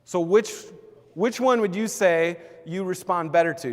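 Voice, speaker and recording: A man's voice: sits high, a little slow, in a large hall. A man leading a church team's training session in a casual, conversational teaching style, full of "like" and "kinda". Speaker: church team leader.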